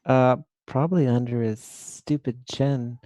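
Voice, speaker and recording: A man's voice: medium pitch, steady tone, a little slow, dark tone, dry recording, clean studio sound. A man playing a tabletop game, blunt and joking as he adds up his roll. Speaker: player.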